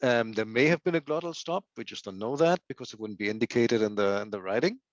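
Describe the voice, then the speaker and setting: A man's voice: medium pitch, lively intonation, quick pace, no echo. Man explaining step by step on a call. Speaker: student. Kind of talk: answering in class. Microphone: video call. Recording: dry, dull video call audio.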